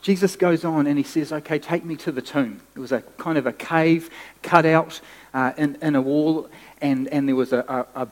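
Animated male preacher in a hall. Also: a little high, normal speed. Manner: animated, conversational preaching with restarts. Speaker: pastor. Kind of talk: sermon.

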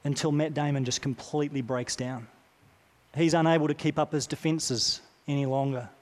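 A man preaching a sermon, earnest and deliberate, repeating key phrases with slow pauses. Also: fairly high pitch, steady tone, darkish tone. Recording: long reverb of a large hall.

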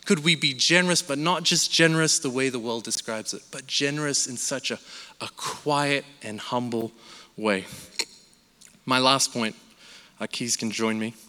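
A man from Malaysia preaching a sermon, telling a family story with lively, animated delivery and acting out his shouting relatives. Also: medium pitch, moderate pace, big-room sound.

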